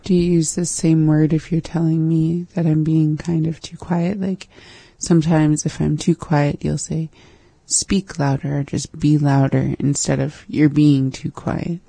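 A learner in a casual language lesson, softly repeating phrases and asking curious questions, with a breathy voice. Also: mid-range voice, little pitch movement, unhurried, hardly any pauses, no echo.

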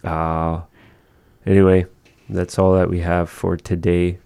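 A low, gravelly man hosts a relaxed radio language lesson. He speaks slowly and repeats each word so a learner can copy it. His voice is dark and mellow and sits in a dry, close sound. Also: dry recording. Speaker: radio host teaching a language.

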